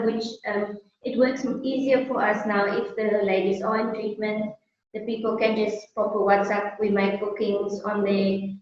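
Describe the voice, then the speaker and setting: A South African woman talking as a guest business owner in a friendly, casual interview, laughing often. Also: mid-range voice. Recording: echoey, distant, muffled sound.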